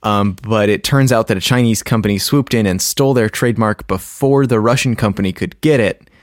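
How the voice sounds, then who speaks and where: A man's voice: lowish voice, a little fast, no room sound, clean studio sound. A man co-hosting a casual chat, rambling through explanations with many ums and restarts. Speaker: podcast co-host.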